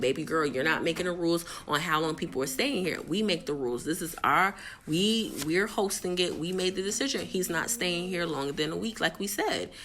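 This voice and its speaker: A woman's voice: deep voice, fairly bright tone. Blunt, slangy woman ranting. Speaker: reality TV recap vlogger. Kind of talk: casual ranting recap.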